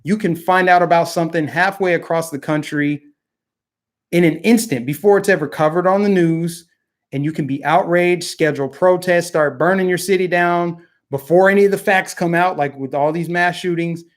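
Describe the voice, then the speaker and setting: A man's voice: on the high side, moderate pace. A young man hosting a political commentary show, delivering a heated, indignant opinion monologue and mocking the people he criticizes.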